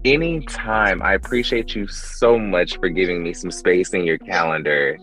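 A man's voice: low-pitched, normal speed, a bit bright, faint music behind. A man hosting a podcast interview, playful and sassy, calling his guest honey. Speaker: podcast host. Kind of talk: casual interview chat.

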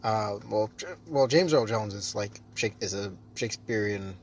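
A man's voice: lowish voice, moderate pace, slight background noise. A young adult man chatting casually on his own, rambling with lots of fillers and restarts. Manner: rambling, self-correcting, frequent fillers. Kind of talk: casual solo chat.

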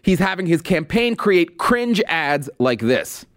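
A male show host delivering opinion commentary in a sarcastic, mocking tone. His pitch sits a little high and swings widely as he reacts with disbelief. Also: very animated, a little slow.

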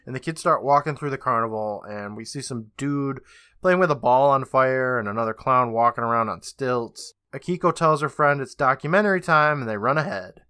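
Brief: male podcast host retelling a show with sarcastic, swearing asides; bright tone. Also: medium pitch, brisk, smooth, no echo, studio quality. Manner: loose, profane, sarcastic retelling. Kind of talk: casual episode recap.

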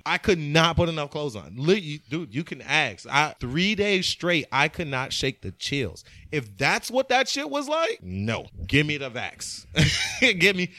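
A man telling a story in casual chat, animated and profane, laughing often. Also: a little high, unhurried, no room sound.

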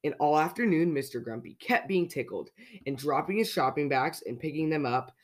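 A storyteller reading a children's picture book aloud, playfully asking young listeners questions along the way. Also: medium pitch.

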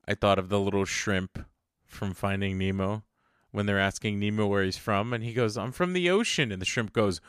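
A man's voice: fairly low pitch, flat delivery, moderate pace, clear, resonant tone, dry recording. A man co-hosting a casual podcast, reacting to the story with dry joking asides. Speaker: podcast co-host.

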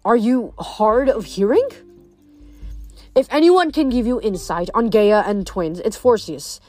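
Woman voicing a dismissive male god, snippy, bored, slightly high, faint music behind. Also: very animated, moderate pace, a little mellow, natural voice.

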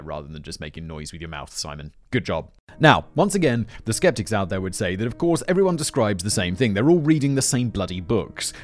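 Chatty man narrating with joking asides. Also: fairly low pitch. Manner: chatty, self-deprecating, rambling tangents. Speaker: presenter.

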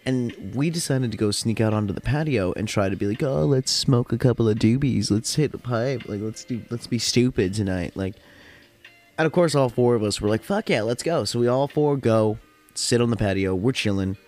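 A man's voice: mid-range voice, normal speed, darkish tone, soft background music. A man from the California desert hosting a podcast, telling stories in a loose, profane, rambling way, tired after work. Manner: rambling, profane, heavy use of "like". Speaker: podcast host. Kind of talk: casual storytelling chat.

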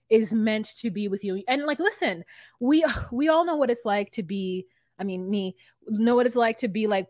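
A woman's voice: mid-range voice, no room sound, clean studio sound. A woman co-hosting a podcast, chatting casually in a rambling, frank way full of "like" and the odd curse word. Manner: rambling, lots of "like", frank and profane. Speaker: podcast co-host. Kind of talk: casual recap chat.

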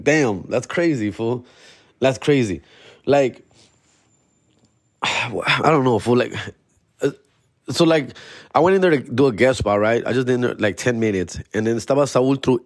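A young adult man, a comedian hosting his podcast, telling stories in a slangy, animated way and dropping words, a bit hungover. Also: mid-range voice, no room sound, studio quality. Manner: slangy, animated, peppered with "fool" and "bro". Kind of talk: casual storytelling monologue.

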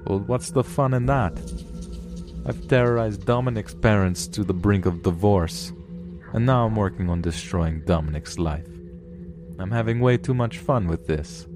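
A man's voice: on the low side, moderate pace, pitched above the performer's own voice, lightly acted. A man doing a smug horned demon. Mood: mocking. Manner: mocking, menacing, gleeful. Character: cruel taunting male demon, horned and smug. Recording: music playing behind.

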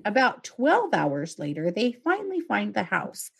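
A woman's voice: mid-range voice, wildly swooping pitch, measured pace, creaky, slightly rough. A woman hosting a podcast, retelling a true crime case and acting out the quoted calls with outraged asides. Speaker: podcast host.

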